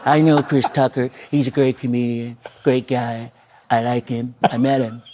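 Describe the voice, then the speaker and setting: A boastful older politician who drawls and repeats his brags, put on by a male comedian. The clip carries a clear layer of background noise. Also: mid-range voice, flat delivery, normal speed, pitched below the performer's own voice, natural voice. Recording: noisy clip.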